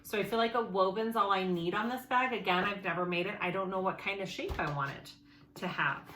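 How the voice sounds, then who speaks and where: A bright-voiced woman walks through a sewing project in an easygoing, chatty way, thinking aloud and correcting herself as she checks her pieces. Her voice carries a noticeable room echo, with a faint hiss of noise behind it. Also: mid-range voice, fairly quick. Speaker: sewing tutorial host. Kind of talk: casual sewing tutorial.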